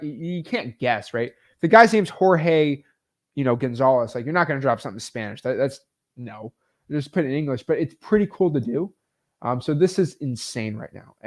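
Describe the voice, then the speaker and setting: Energetic man explaining wholesaling, chatty and loose with fillers, voice sits fairly high. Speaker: real estate wholesaling coach. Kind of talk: casual instructional talk.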